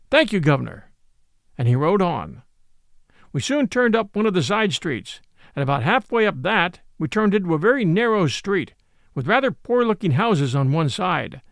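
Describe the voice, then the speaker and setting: A man narrates a classic novel aloud in storybook style, reading expressively and voicing every character. His high voice has vocal fry, recorded in studio quality with no echo.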